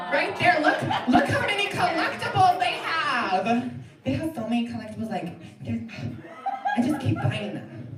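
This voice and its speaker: A young woman plays a flustered, giggly Southern girl star who rambles from one toy to the next and keeps losing her thread. Her voice sits a little high. The sound is echoey and far from the mic on a live stage, with a loud audience behind it. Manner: rambling, flustered, giggly, trails off mid-sentence. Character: giddy scatterbrained girl child star, obsessed with toys. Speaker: improv performer. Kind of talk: live improv comedy character. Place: theatre stage.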